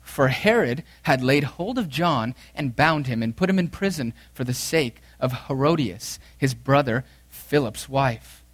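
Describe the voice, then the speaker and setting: A male pastor giving an earnest sermon, reading scripture aloud and repeating key phrases, his voice swinging from loud emphasis to hushed intensity. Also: mid-range voice, expressive, measured pace, hardly any pauses.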